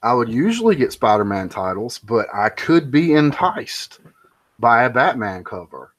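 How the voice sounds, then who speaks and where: A man's voice: medium pitch, big pitch swings, measured pace, a bit bright. A man giving an opinionated, rambling monologue, emphatic and prone to ranting. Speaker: pop culture commentator.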